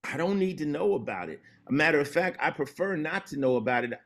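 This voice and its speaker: Laid-back storytelling man, slightly high. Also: expressive. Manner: laid-back storytelling, drops low and slow when serious. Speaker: interview guest. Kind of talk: casual conversation.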